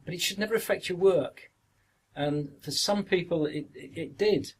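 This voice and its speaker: A man's voice: high-pitched, moderate pace, a little hiss or hum. A middle-aged man with a Yorkshire accent, a guest actor reminiscing through long anecdotes in a casual podcast interview.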